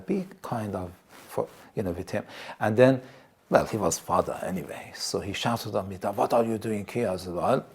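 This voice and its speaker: A man's voice: lowish voice, darkish tone, slightly rough. A man, a Christian TV presenter and pastor, telling his personal testimony earnestly in broken English. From Iran. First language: Persian.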